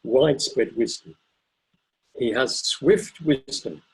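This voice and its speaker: A man giving a Buddhist dharma talk as a teacher, thoughtful and unhurried, often pausing with ums and correcting himself. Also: mid-range voice, big pitch swings, slightly rough, rough recording. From Britain.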